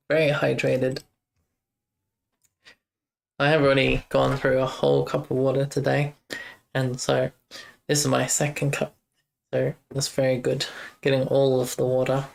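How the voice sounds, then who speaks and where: Relaxed, unscripted chatter fills this live game-dev stream as a young streamer works through code, rambling, musing aloud, and chatting with viewers. The medium-pitched voice stays flat and steady, with gravelly fry beneath.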